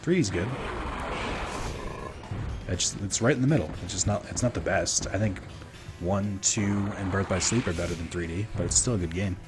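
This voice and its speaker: Young man, low voice, casual stream chatter, rambling and filler-heavy, music in the background. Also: normal speed, pauses often. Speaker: streamer reading chat. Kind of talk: casual gaming stream chat. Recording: game music behind.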